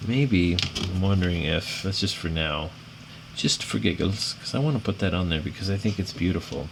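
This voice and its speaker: A man's voice: low-pitched, lively intonation, normal speed, vocal fry. A middle-aged American man with a rambling, apologetic manner, chatting through a drone frame build on his own channel. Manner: rambling, self-deprecating, apologetic, growls when frustrated. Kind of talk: casual build tutorial chat. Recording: audible background noise.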